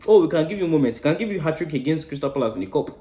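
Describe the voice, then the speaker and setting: Talking very fast in a fairly high voice with lively intonation, a football fan channel host gives a fiery, preachy match reaction. He swears freely and moves between loud outbursts and quiet asides, his voice bouncing around an echoey room.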